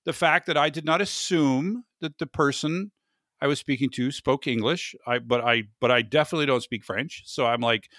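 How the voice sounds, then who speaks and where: An American man hosts a loose tech talk, rambling and poking fun at himself. His voice is bright and forward. The recording is dry and close. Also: mid-range voice, moderate pace, no echo. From United States. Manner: rambling, self-mocking, repeats words. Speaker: podcast host. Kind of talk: casual tech chat.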